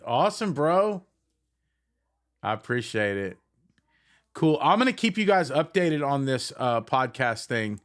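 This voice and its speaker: Middle-aged male frontman, loose rambling live-stream chat, ordinary mid pitch. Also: very animated, measured pace, pauses often, fairly bright tone. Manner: rambling and affectionate, many fillers.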